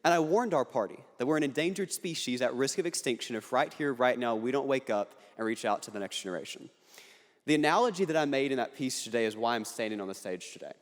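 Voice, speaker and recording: In a large campus hall, a young man gives an expressive, earnest political speech, punchy and laced with quick jokes. His voice is medium in pitch, and the hall's lingering reverb follows every sentence.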